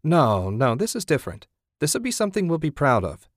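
A man's voice: on the high side, wildly swooping pitch, a little fast, no echo, studio quality, voice pushed up. A man voicing an eager, car-crazy husband. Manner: enthusiastic, defensive.

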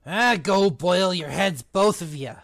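Hagrid, big rough gamekeeper, read out by a book-club reader. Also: medium pitch, animated, a little slow, a bit bright, no echo, clean studio sound. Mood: gruff. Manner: reads dialogue aloud in a fairly plain voice. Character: big rough-spoken male half-giant gamekeeper. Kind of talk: amateur read-aloud of a novel.

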